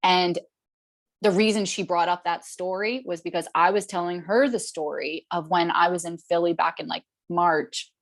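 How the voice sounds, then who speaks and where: A woman hosting a group call, telling stories in an earnest, encouraging way. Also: fairly low pitch. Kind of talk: casual group call chat. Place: online group video call.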